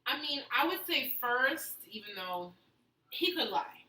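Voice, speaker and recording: A woman hosting a casual chat show, talking in chatty, quick bursts. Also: high voice, very animated, sharp tone. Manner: chatty, quick bursts, playful voices for quotes. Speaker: host. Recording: echoey room, mic far off, faint noise.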